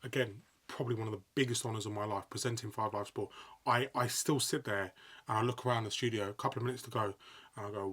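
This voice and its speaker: Man, husky voice, excitable and animated, sports broadcaster telling stories in a podcast interview. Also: fairly low pitch, fast talker. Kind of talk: casual interview storytelling.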